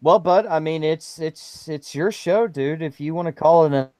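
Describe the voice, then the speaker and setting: A man's voice: a little high, moderate pace, a little mellow, no room sound. A man guest in a casual online chat, ranting with lots of swearing. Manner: profane, ranting. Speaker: podcast guest.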